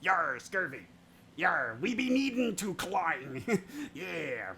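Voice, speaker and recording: A man's voice: high voice, big pitch swings, slow, gravelly, bright, forceful tone, a little hiss or hum, exaggerated voice. A man putting on a playful pirate voice with growled pirate slang.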